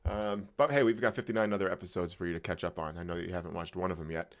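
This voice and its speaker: A man co-hosting a comedy podcast, laid-back in his chat but ranting with bursts of excitement and swearing. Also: low-pitched, very fast. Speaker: podcast co-host.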